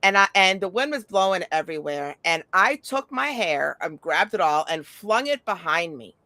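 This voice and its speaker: Blunt, animated middle-aged woman. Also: lowish voice, normal speed, no room sound. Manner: blunt, animated storytelling, frequent swearing. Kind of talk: casual chat.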